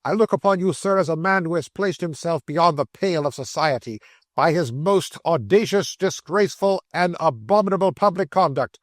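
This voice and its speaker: Male reader voicing a huffy, pompous editor, pitched well up, dry close sound. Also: animated, moderate pace, no room sound, natural voice. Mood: indignant. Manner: huffy, declaiming insults.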